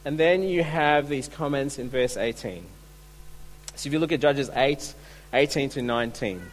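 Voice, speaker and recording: A man's voice: medium pitch, normal speed, rough recording. A man preaching a sermon, earnest and full of rhetorical questions. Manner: earnest, asks rhetorical questions, restarts words.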